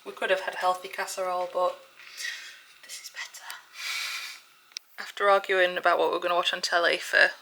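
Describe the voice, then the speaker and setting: A woman's voice: on the low side, level tone, quick pace, hardly any pauses, sharp tone, poor audio. A woman with a Northern English accent chatting casually to camera in her home kitchen. She laughs easily and sounds mock-outraged about small things. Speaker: vlogger. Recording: clear background noise at home.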